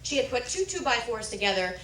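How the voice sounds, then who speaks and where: Young woman comic from Nebraska, animated storyteller, bright edgy voice, roomy stage mic heard from a distance. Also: a little fast, a little hiss or hum. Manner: animated storytelling, squeals quoted lines high. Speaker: stand-up comedian. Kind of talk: stand-up routine. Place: comedy club stage. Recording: echoey room, mic from far off.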